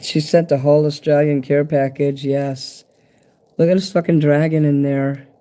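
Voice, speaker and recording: Filmed on a handheld camera, a man opens a package from a fan at home and talks casually to the lens, rambling, cursing and quick to be pleased. He speaks a little high with a dark timbre at normal speed, his pitch barely moving, and the sound is clean.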